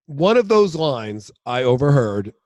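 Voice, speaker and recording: A man's voice: mid-range voice, big pitch swings, unhurried, a little mellow, dry recording. Rambling storyteller man, dry close sound. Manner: rambling storyteller, acts out family quotes. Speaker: podcast co-host. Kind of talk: casual chat.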